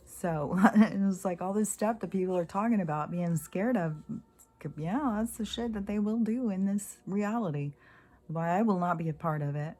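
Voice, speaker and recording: A woman rants in a casual spiritual vlog monologue, swearing freely. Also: lowish voice. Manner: ranting, swearing, animated. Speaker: spiritual vlogger.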